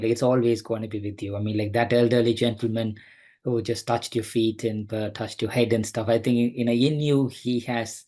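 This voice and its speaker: A man hosts the interview, musing aloud in a loose, rambling way. He leans on fillers like "you know" and "I mean, like". His voice sits at an ordinary mid pitch. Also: darkish tone. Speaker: podcast host. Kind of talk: casual interview chat.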